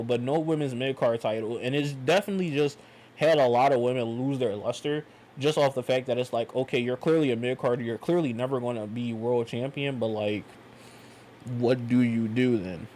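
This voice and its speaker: A young man giving a loose, slangy, rambling wrestling review, animated and casual. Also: medium pitch, poor audio.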